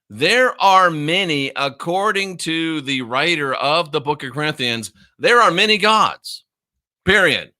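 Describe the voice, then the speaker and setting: Pushed and bright at a medium pitch, this male minister's voice delivers combative Bible teaching. He scoffs at opposing views and keeps hammering each point by repeating it emphatically.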